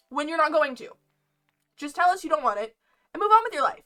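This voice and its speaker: Woman streamer, high bright voice, animated storytelling over soft lo-fi music. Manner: animated, laughing often, mock exasperation. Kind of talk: casual storytime chat. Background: lo-fi game music.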